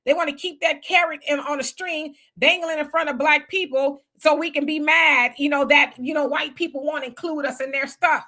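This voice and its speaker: A woman's voice: high-pitched, steady tone, moderate pace, few pauses, bright, forceful tone. A woman hosting a livestream commentary, talking in a loose conversational way and firing off emphatic rhetorical questions. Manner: loose conversational street talk. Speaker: commentary host.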